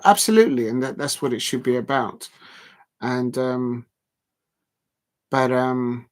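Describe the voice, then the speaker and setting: A man's voice: medium pitch, vocal fry. A man, hosting a casual live stream, talking in a rambling, blunt way with many ums and restarts. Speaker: livestream host.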